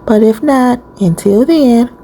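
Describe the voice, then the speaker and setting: A woman's voice: on the high side, slow, dark tone. A woman hosting a reaction video, making blunt, teasing remarks. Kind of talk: reaction commentary.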